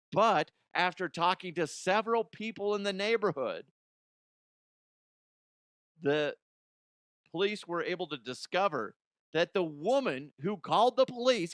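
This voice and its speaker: A man hosting a comedic news commentary podcast, animated and joking, now and then breaking into silly high voices. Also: unhurried, no room sound, clean studio sound. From Colorado, USA. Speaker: podcast host.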